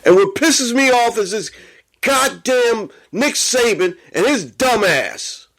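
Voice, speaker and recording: A man's voice: very high voice, expressive, takes it slowly, fairly bright tone. A man hosting a sports podcast, ranting angrily and swearing a lot as he gets worked up. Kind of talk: profane sports rant.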